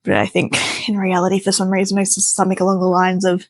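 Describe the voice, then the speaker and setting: A young woman tells a wild personal story in a chatty, animated way and slips into the voices of the people in it. Her voice sits at a middle pitch. The sound is dry and close, with no room echo. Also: fast, hardly any pauses. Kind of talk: casual storytime narration.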